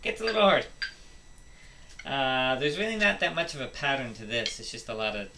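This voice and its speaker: A man's voice: medium pitch, animated, normal speed, slight background noise. A man teaching a drum lesson, explaining step by step and counting rhythms aloud. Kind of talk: instructional drum tutorial. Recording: loud music and drumming behind. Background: drum playing and music.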